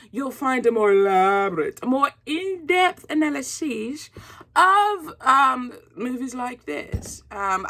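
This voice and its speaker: A woman hosting a movie review vlog, chatty and excitable, using casual slang and getting loud when she is excited. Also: on the high side.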